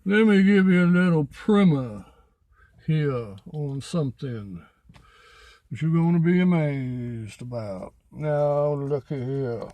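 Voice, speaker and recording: A man's voice: fairly high pitch, expressive, slow, a little mellow, no room sound. A man hosting a vlog outdoors on a city street, telling a rambling story with corny jokes in a chatty, folksy, self-mocking way. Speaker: vlog host.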